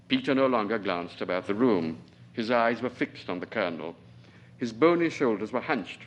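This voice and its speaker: A novelist in his forties from Trinidad, reading his own fiction aloud at a lecture in a measured, deliberate way. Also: fairly low pitch, lively intonation. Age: 40s.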